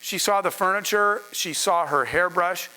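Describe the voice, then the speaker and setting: Middle-aged male entrepreneur, high bright voice, lively storyteller who acts out the quotes. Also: normal speed, clear, resonant tone, poor audio. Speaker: entrepreneur giving a masterclass. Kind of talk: storytelling lecture to an audience.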